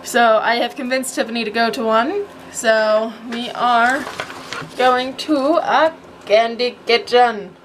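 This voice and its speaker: A woman's voice: fairly high pitch, slow, noisy background. A young woman chatting casually in a home vlog, rambling and laughing now and then as she talks to a handheld camera. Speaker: vlogger.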